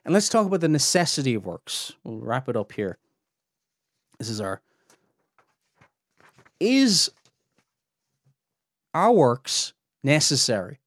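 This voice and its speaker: A man's voice: mid-range voice, sing-song, slow, pauses often, no echo. A man hosting a podcast, teaching on theology in an earnest, emphatic way that climbs sharply when he presses a point. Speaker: podcast host and Bible teacher.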